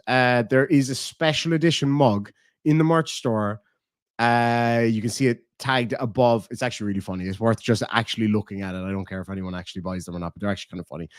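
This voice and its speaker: A man's voice: mid-range voice, brisk, no room sound. Irish man chatting on a livestream, dry sound. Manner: swearing, joking, reading out chat messages. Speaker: livestream host. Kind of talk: casual livestream chat.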